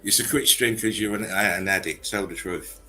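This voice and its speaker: A man's voice: fairly low pitch, normal speed, music in the background. A man hosting a livestream chat show, talking in a loose, chatty way and laughing easily. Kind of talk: casual chat.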